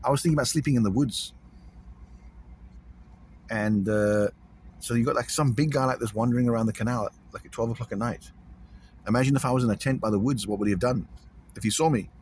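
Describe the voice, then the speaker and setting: A man's voice: mid-range voice, fast, long pauses, darkish tone, slight background noise. A man vlogging casually to camera, rambling and repeating himself in an uneasy way.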